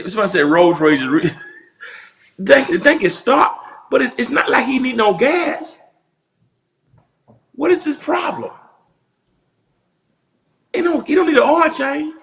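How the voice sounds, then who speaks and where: A man's voice: high voice, gravelly, fairly bright tone. A man, a pastor, laughing and joking as he reacts to viral videos and leads mock prayers.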